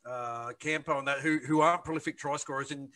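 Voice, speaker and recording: A man's voice: fairly high pitch, fairly even intonation, fairly quick, sharp tone, no echo. A podcast co-host asking a guest about his career, with many hesitant fillers. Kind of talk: interview questions.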